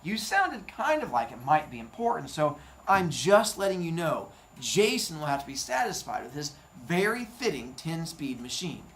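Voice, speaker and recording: A man reading aloud, voicing a calm, practical wife who talks in a matter-of-fact way on the phone. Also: on the high side, moderate pace, a little hiss or hum.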